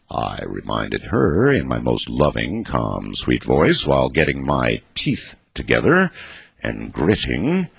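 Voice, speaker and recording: A man's voice: very deep voice, sing-song, a little slow, gravelly, breathy edge, no room sound. A man hosting a talk segment, reading news and a humorous story aloud with wry, conversational asides.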